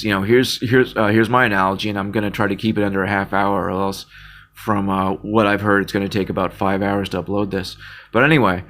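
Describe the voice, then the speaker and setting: A man's voice: lowish voice, a bit bright, a little hiss or hum. A man in an impassioned casual monologue, earnest and near tears, often repeating words and restarting. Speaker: Christian video blogger.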